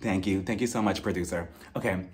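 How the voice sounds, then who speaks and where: A man voicing a gushing, fussy woman on a reality show, with a low, fawning mutter. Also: fairly quick, lightly acted.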